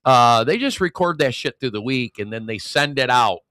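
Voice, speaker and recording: A man's voice: medium pitch, lively intonation, moderate pace, pushed and bright, no echo, clean studio sound. An older man from Michigan co-hosting a casual political podcast, stuffed up from a cold and rambling as he talks. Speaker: co-host.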